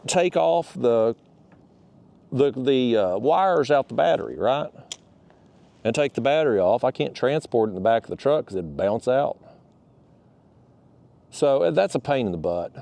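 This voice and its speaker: Speaking with vocal fry in a mid-range, dark voice, the man casually narrates his kayak fishing trip outdoors for his vlog. Slightly winded, he rambles, restarts, and leans on folksy phrasing.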